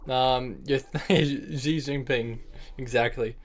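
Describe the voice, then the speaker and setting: Speaking slowly in a steady, medium-pitched tone, a young man streams and chats casually with his viewers. He cracks jokes, laughs frequently, and addresses people as bro and man.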